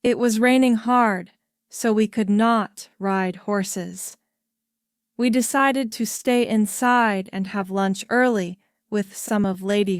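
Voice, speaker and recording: Slow, crisp woman reading a story. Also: mid-range voice, dry recording, clean studio sound. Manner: careful, evenly paced reading. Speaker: storyteller for English learners. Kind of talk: slow scripted story narration.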